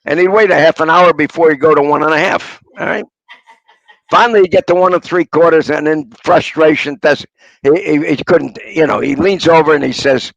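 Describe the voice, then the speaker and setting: Older man, gravelly voice, somewhat high pitch, dry close sound, anecdotal storyteller. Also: brisk, a bit bright, no room sound, dull audio. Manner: rambling raconteur, punchline storyteller. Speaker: interviewee, author.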